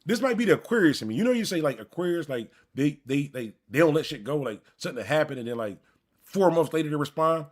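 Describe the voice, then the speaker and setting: A man from Buffalo, New York, with a voice on the high side and a quick pace, hosts a live stream. Lively and rambling, he swears his way through a personal story, casually telling it straight to his viewers.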